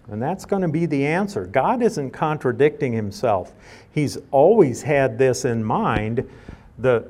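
A man's voice: mid-range voice, darkish tone. A man teaching a Bible study, reading scripture aloud and then explaining it in a conversational way.

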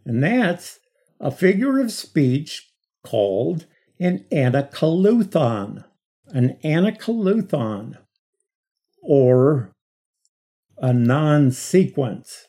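A middle-aged man teaching a Bible study lecture, explaining slowly and stressing key words with emphatic repetition. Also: a little high, sing-song, mellow, breathy edge.

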